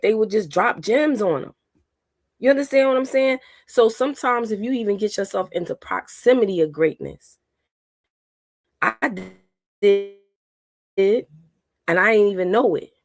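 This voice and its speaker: An earnest woman speaks on a casual podcast. She rambles and restarts herself often. Her voice sits mid-pitched and the sound is close and dry. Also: no room sound. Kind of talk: casual chat.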